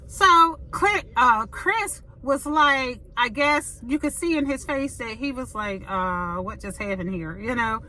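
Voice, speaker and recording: Woman host, blunt opinion monologue; slow, deliberate delivery, fairly high and bright. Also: expressive, rough recording. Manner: blunt, emphatic, repeats "okay?" to drive points. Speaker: commentary host. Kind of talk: opinionated casual commentary.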